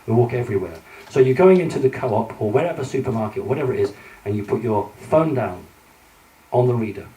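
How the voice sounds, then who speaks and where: British guy giving a talk in a big echoey hall, mellow voice, kinda distant, lots of ums. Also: mid-range voice, lively intonation, fast talker. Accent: British English. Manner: hesitant, many fillers and restarts, earnest and warning. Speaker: conference speaker. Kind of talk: conference talk with slides. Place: large conference hall. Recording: echoey hall from far off, faint hiss.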